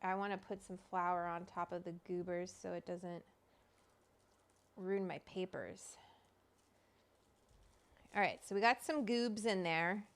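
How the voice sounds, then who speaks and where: Gravelly-voiced woman hosting a casual livestream. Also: lowish voice, measured pace, long pauses. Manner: chatty, swears freely, greets viewers by name. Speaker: livestream host.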